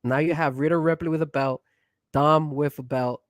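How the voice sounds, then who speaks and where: A man's voice: fairly high pitch, fairly even intonation, moderate pace, no room sound. A man co-hosting a casual wrestling talk show, pushing his opinions with hyped fan banter. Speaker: co-host.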